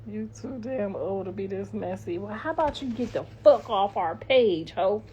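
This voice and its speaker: A woman's voice: mid-range voice, expressive, moderate pace, dark tone, slight background noise. A middle-aged woman hosting a livestream, chatting casually and reading comments in a blunt, profane, sassy way. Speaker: livestream host. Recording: dull lo-fi livestream audio.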